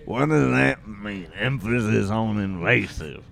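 A man's voice: fairly low pitch, unhurried, creaky, a bit bright. A man in comedic role-play, blunt and easily flustered.

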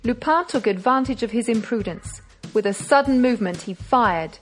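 A woman narrating a classic novel as an audiobook, measured and dramatic. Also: on the high side, faint music behind.

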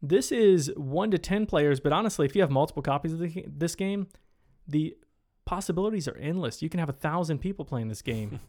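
A man co-hosting a casual board game podcast, explaining rules in a relaxed, plain way. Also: fairly high pitch, a little fast. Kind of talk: casual chat. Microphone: studio microphone.

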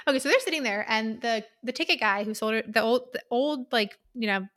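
Brief: heated indignant woman co-host, swearing, high bright voice. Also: fairly quick. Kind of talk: casual chat about a romance novel.

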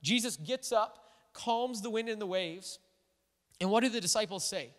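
A man preaching a sermon in a casual, animated way, full of asides to his listeners. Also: high-pitched, normal speed. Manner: conversational, animated, full of "like" and "all right". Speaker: pastor. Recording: echoey hall.

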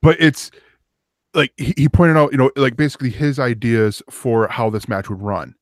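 A man's voice: medium pitch, steady tone, normal speed, no room sound, clean studio sound. A man co-hosting a podcast, telling a long rambling story in casual chat and acting out the quotes. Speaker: podcast co-host.

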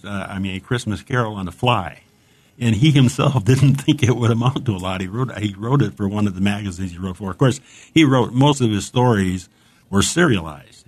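A low-pitched man talks about books in a loose, chatty way. He wanders from thought to thought, full of enthusiasm, and sometimes stops to read a passage aloud. His tone stays conversational throughout. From United States. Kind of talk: casual chat about books.

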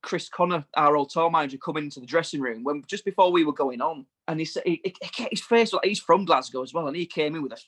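A man, a touring bass player, telling rambling tour anecdotes in casual chat. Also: fast talker, hardly any pauses, fairly bright tone, breathy edge. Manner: rambling storyteller, laughs through anecdotes.

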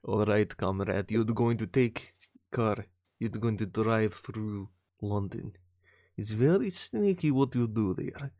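Brief: man putting on a sly crime handler, low and hushed, dry close mic. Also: slow pace, no room sound. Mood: conspiratorial. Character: shady male crime handler with mock Russian accent.

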